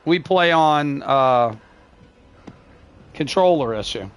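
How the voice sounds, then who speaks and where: An older man streaming a video game live, talking through his plays and answering chat in a gruff, curmudgeonly-sounding voice, often halting and restarting his phrases with a chuckle. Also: fairly high pitch, lively intonation. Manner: gruff, curmudgeonly-sounding, says he is not angry.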